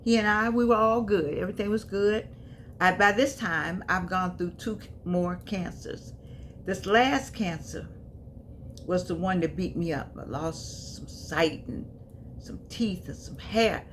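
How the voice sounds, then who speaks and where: A woman's voice: fairly low pitch, a little slow, slight background noise. A woman in her seventies telling her own life story to viewers, emphatic, repeating phrases and calling them honey and baby. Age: 70s. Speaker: vlogger. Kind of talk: personal storytelling to camera.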